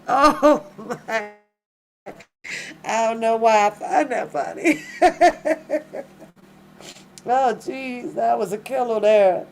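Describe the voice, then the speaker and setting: Laughing, animated woman reacting to a legal filing. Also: fairly high pitch, very slow, long pauses, slight background noise. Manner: animated, laughs often, exclaims to her audience. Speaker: reaction channel host. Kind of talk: casual reading and reaction commentary.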